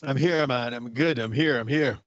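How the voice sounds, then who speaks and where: A man's voice: medium pitch, moderate pace, no room sound, muffled recording. A man co-hosting a podcast, chatting casually in a laid-back, rambling way. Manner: laid-back, rambling, with many fillers and restarts. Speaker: podcast co-host. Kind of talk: casual chat.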